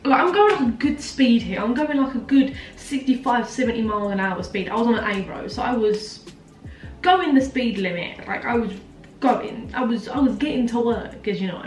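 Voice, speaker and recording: A woman's voice: fairly high pitch, animated, normal speed. A young woman tells a story as a vlogger, dramatic and full of "like" fillers. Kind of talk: storytime chat. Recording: echoey room, mic at a distance, faint music.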